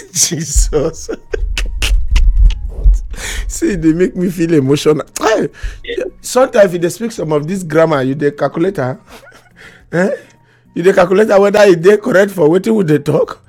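A man's voice: high-pitched, animated, normal speed, long pauses, a little mellow, faint music behind. A man with a Nigerian accent, teasing in casual chat, laughing often and echoing the other person's words back.

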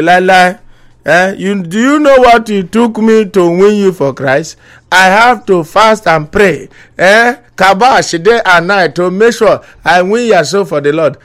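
Nigerian man, pidgin accent, slightly higher voice, comic mock-bishop on a live stream, laughs a lot. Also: fairly bright tone. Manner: playful mock preaching, laughs often between lines. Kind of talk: live-stream comedy, reading viewer comments.

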